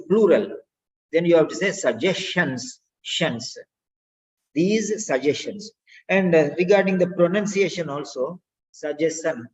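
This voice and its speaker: Husky tutor drilling sounds. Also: male voice, a little high, darkish tone. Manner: corrective, repeats words and sounds for drilling. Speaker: English speaking tutor. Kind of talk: spoken feedback in an online class. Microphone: video call. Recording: dull lo-fi video call audio.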